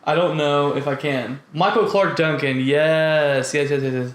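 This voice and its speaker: A man co-hosting a casual podcast, reacting to his friend's stories in a laid-back, slangy way. He often drops into a low, quiet mumble. The room sounds echoey. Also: fairly even intonation, a little slow. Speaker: podcast co-host. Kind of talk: casual chat.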